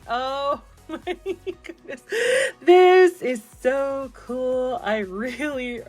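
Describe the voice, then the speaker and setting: Giggly young woman unboxing toys, high voice, slow easy talk. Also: soft background music. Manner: gushing, giggly, exclaims often. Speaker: toy unboxing YouTuber. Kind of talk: excited unboxing chat.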